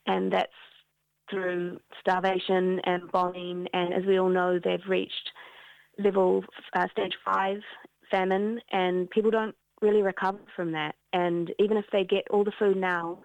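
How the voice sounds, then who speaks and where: A woman, giving an earnest, halting news interview as an activist, with many restarts. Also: fairly low pitch, little pitch movement, gravelly, no echo. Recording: dull lo-fi dry sound.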